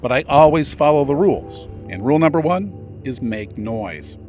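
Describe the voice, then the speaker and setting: A man's voice: medium pitch, big pitch swings, normal speed, darkish tone, faint music behind. A man narrating a scripted travel guide in an earnest, advisory voice-over. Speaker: travel video host.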